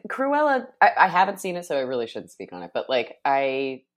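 Woman, low register, very animated pitch; wry podcast guest. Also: fairly quick. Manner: wry, animated, drifts into quiet asides. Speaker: guest, monster movie expert. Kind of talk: casual podcast chat.

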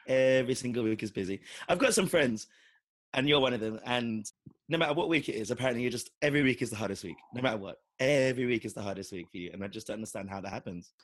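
A man with a husky voice hosting a casual podcast chat, teasing his co-host in quick banter. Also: medium pitch, no echo, clean studio sound.

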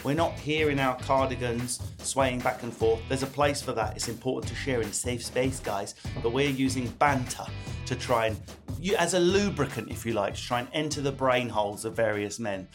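A man with an Essex accent hosts a comedic chat show, full of quick banter and teasing. Music sits faintly under his voice. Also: medium pitch. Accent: Essex English. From Essex, England. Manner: quick, jokey banter with playful put-on voices. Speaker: podcast host.

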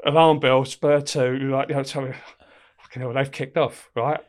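A man's voice: medium pitch, fairly even intonation, moderate pace, fairly bright tone. Middle-aged man telling blunt prison stories. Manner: swearing, laughing, acts out voices. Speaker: former prison officer, guest. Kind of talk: casual anecdotal storytelling.

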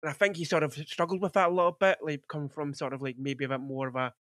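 A man's voice: a little high, fairly even intonation, fast talker, a bit bright, no echo, studio quality. A man in his forties hosting a podcast, chatting casually about films with lots of rambling filler words. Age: 40s. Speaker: podcast host. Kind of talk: casual film chat.

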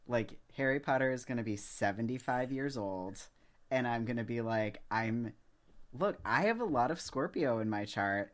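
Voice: mid-range voice, lively intonation, normal speed. A podcast co-host in casual chat, ranting indignantly and swearing.

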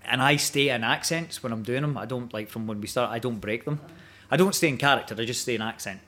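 A man's voice: mid-range voice, fast talker, pushed and bright. A Scottish man in his forties, a guest actor talking casually, rambling with many restarts and hesitations. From Scotland. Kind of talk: casual chat.

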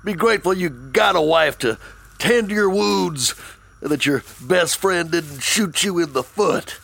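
An actor playing an ornery, easily riled rural man with a gravelly voice. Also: a little high, lively intonation, measured pace, fairly bright tone, heavily acted. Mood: scolding.

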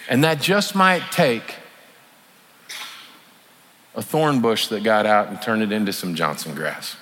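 A man's voice: lowish voice, animated, a little slow, long pauses, fairly bright tone. A man preaching a sermon in a folksy, conversational way, acting out heartfelt apologies as examples. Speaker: pastor. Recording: long hall reverb, faint room noise.

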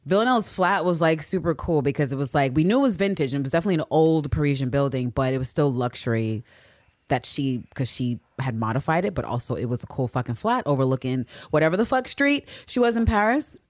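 A woman co-hosting a podcast, casually recapping a TV episode with lots of swearing and quick impressions. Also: deep voice, no echo. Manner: profane, animated storytelling with quick impressions. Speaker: podcast co-host.

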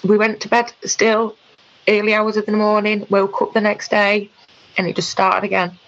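A woman recounting a personal experience in conversation, halting, with frequent ums and restarts. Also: medium pitch, completely flat delivery, a bit bright, muffled recording. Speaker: guest.

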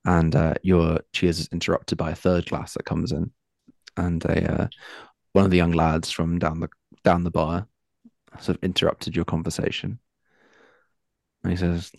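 A man narrating as game master of a tabletop role-play game, in a relaxed, halting way. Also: deep voice, vocal fry, no room sound.

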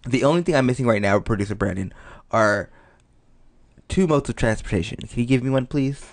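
A man's voice: medium pitch, fairly quick. Man, host, easygoing, runs a game step by step, casual chat.

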